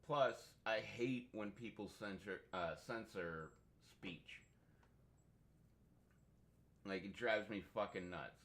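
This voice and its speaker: Here a young gaming streamer talks in a low-ish voice at an unhurried pace, leaving long gaps, with a faint hiss or hum in the background. His chat is casual and profane, full of rambling, lively anecdotes and frequent laughter.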